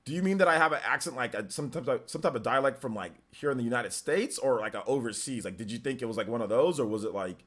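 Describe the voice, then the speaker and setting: A man's voice: medium pitch, expressive, quick pace, hardly any pauses, a bit bright. Laid-back Northern Californian man, rambling. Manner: rambling, filler-heavy, easygoing. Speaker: livestream host. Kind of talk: casual live stream chat reading viewer comments.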